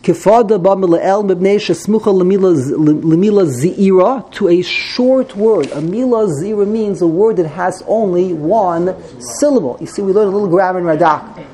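Mellow-voiced man teaching a text class. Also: high-pitched, moderate pace. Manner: thinks aloud, repeats and corrects himself. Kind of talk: text study lesson, explaining grammar.

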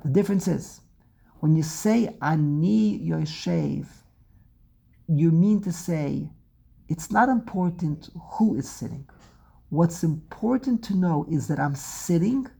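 A woman's voice: sits low, creaky, mellow, breathy edge. A woman teaching a religious text lesson, asking rhetorical questions and repeating words as she builds each point. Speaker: Torah teacher. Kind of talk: lecture on Hebrew prayer and scripture.

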